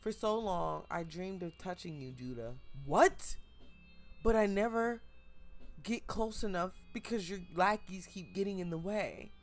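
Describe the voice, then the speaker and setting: Woman doing a creepy calm manga villain guy, deep-ish and even. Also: moderate pace, faint music behind, close to an everyday voice. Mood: longing. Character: male villain who wants to remake the world.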